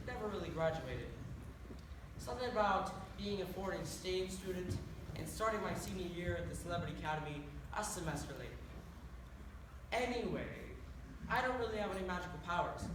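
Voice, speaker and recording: A woman's voice: on the low side, lightly acted. Curtis, a woman doing a sarcastic Irish leprechaun. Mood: wistful. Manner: sarcastic, hot-tempered. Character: short grumpy adult male leprechaun. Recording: echoey room, distant mic, noisy.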